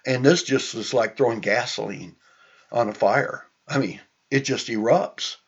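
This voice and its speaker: Male preacher, unhurried and husky, reading scripture then musing aloud, on a dull lo-fi recording. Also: medium pitch. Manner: slow, conversational, with frequent restarts and asides.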